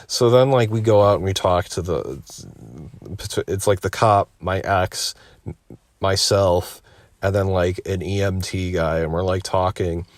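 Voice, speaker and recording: Young man, slightly low voice, dry close sound, laid-back rambling storyteller who swears a lot. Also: steady tone, measured pace, dry recording. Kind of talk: casual storytelling.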